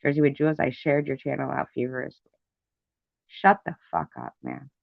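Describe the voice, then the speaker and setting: A commentary vlogger rants angrily and profanely, indignant and repeating himself, on a dull lo-fi recording with no echo. His mid-range voice is gravelly and swings wildly in pitch while he keeps a moderate pace.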